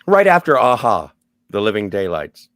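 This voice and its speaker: A man's voice: on the low side, huge pitch swings, moderate pace, fairly bright tone, no echo, clean studio sound. A man co-hosting a podcast, talking about films in an enthusiastic, rambling way full of "like". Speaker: podcast co-host. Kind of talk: casual movie chat.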